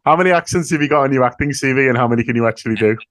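A man's voice: mid-range voice, racing, fairly bright tone, dry recording. Easygoing man hosting a chat show. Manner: easygoing, chatty, laughs along. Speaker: podcast host. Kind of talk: casual chat.

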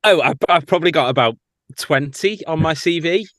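Brief: male actor guest, quick and rambling, animated, dry close mic. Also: on the high side, no room sound. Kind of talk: casual chat.

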